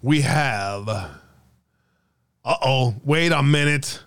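A man's voice: on the high side, moderate pace, long pauses, smooth. A man hosting a casual livestream, jokey and sarcastic, laughing often as he talks to his viewers. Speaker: livestream host.

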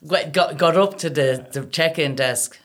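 An Irish woman telling a story in a casual chat, animated and swearing freely. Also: low voice, measured pace. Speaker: guest.

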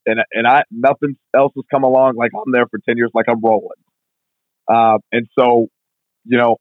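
A man's voice: mid-range voice, no room sound. Man telling stories over a tinny line. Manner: fast, filler-heavy, constant "like". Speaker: strength coach, guest. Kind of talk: casual interview storytelling. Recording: tinny phone-like line, dry.

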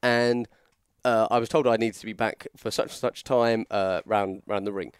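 A man's voice: fairly low pitch, fairly even intonation, normal speed, clear, resonant tone, dry recording. A man, telling a wrestling story on a podcast in a rambling, self-mocking way. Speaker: podcast co-host, former wrestler. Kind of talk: casual storytelling chat.

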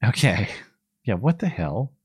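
A man hosting a live call-in show, relaxed, wry and questioning. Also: lowish voice, unhurried, husky, no echo, clean studio sound. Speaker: host. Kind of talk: casual call-in chat.

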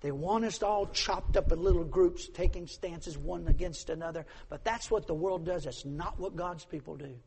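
A man's voice: a little high, moderate pace, gravelly, hardly any pauses, darkish tone, long reverb tail. A man preaching a sermon, emphatic, repeating his points and acting out the people in his stories. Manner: emphatic, repeats phrases, acts out quoted voices.

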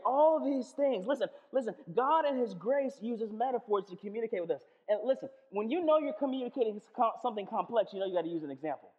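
A pastor preaching a sermon, animated, acting out little back-and-forth dialogues and often restarting phrases. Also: mid-range voice. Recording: echoey hall, dull lo-fi sound.

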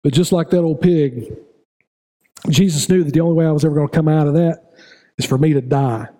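A middle-aged pastor with a high-leaning, dark-toned voice preaches briskly in a church sanctuary, working up to loud, repeated appeals to his congregation.

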